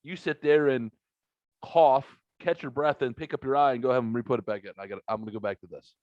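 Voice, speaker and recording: Male podcast co-host, mid-pitch, animated storyteller who acts out quotes; dry, muffled recording. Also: fast talker, no room sound. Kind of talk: casual podcast chat.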